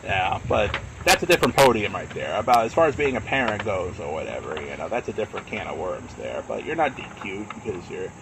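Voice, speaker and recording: A man's voice: fairly low pitch, very animated, fairly quick, vocal fry, noisy background. A man chatting casually on a live stream, rambling and earnest, with plenty of fillers.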